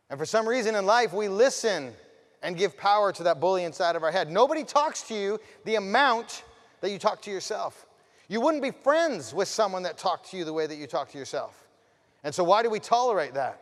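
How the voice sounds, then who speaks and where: A man telling a personal story as a motivational speaker, swinging between loud, fired-up bursts and hushed passages, and asking the audience direct questions. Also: sits high, big pitch swings, brisk, in a large hall. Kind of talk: storytelling keynote speech.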